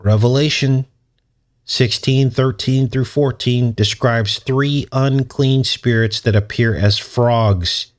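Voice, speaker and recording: A man's voice: mid-range voice, steady tone, takes it slowly. A man hosting his channel, talking through a casual commentary monologue in a sarcastic, mocking way and chuckling often. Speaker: channel host.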